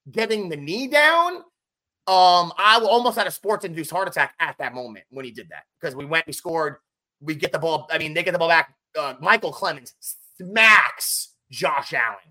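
Excitable bright-voiced man talking sports. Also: high-pitched, moderate pace. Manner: excited, emphatic, runs through stats. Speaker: podcast co-host. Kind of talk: casual sports podcast chat.

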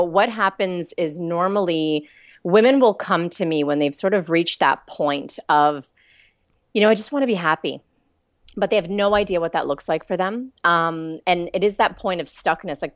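A chatty woman with a Canadian accent, talking as a guest in a relaxed interview. Her voice sits a little low for a woman, and she laughs easily and rambles with fillers. The sound is dry and close, with no room around it. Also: no room sound. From Toronto, Canada. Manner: chatty and warm, laughs often, many fillers. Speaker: guest, life coach. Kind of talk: casual interview chat.

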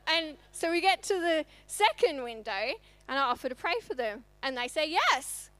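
A woman's voice: high-pitched, expressive, normal speed, fairly bright tone, no echo. A woman, telling a story in a conversational church sermon. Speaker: church speaker. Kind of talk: sermon testimony.

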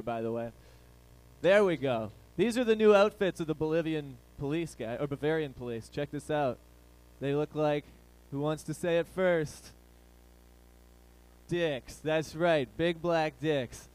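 An Irish man hosts a comedy show, riffing crudely and rambling while he asks the live crowd questions. His voice is a little high and a little slow.

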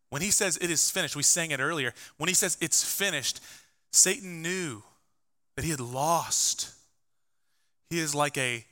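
Man, pastor, sermon, emphatic, very bright tone, chatty asides. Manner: emphatic, rising to loud bursts and dropping low; conversational asides with fillers.

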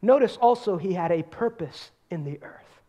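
High-pitched emphatic male preacher. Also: lively intonation, normal speed. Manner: emphatic, repeats words for stress, swings between loud and hushed. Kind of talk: sermon.

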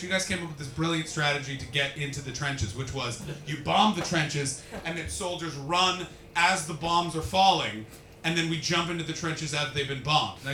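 Canadian male stand-up working the crowd, animated and foul-mouthed, in a roomy, reverberant space with faint ambience. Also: on the high side, slight background noise. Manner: animated, swears freely, acts out voices. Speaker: stand-up comedian. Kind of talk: crowd-work stand-up comedy. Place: comedy venue with a live audience. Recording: echoey room with faint ambience.

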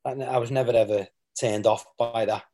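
An English former footballer, appearing as a guest, tells candid, rambling stories about his playing days, restarting sentences and dropping in quoted asides. His voice is medium-pitched and dark in tone, with fairly even intonation and a slightly quick pace.

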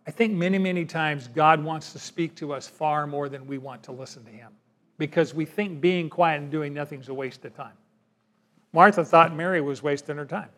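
A man delivers a sermon in a voice that sits noticeably high for a man. He reads scripture and questions his listeners, pressing on some lines and dropping almost to a hush on others. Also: moderate pace. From United States. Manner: emphatic, swings from loud to hushed, asks the congregation questions. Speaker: pastor.

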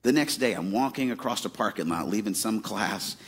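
A man's voice: lowish voice, expressive, a little fast, husky. A man in his forties from Arizona, preaching a sermon in a casual, conversational way with many fillers. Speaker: pastor.

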